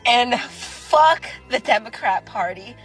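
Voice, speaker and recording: A woman's voice: fairly high pitch, expressive, takes it slowly, fairly bright tone, faint music behind, poor audio. A woman ranting to a phone camera, angry and close to tears, swearing heavily. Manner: angry, tearful, heavy swearing. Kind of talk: emotional political rant to camera.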